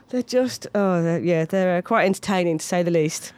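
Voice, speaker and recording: A woman's voice: fairly low pitch, brisk, few pauses, clear, resonant tone, no echo. A woman in her thirties, a comedian guest, chatting casually and telling anecdotes with lots of put-on voices. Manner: animated storytelling with mimicked voices.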